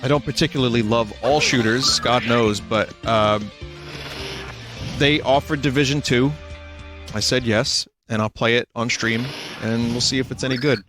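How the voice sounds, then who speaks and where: A man's voice: mid-range voice, steady tone, moderate pace. A man streaming a video game, chatting casually in a rambling, self-deprecating way. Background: game music.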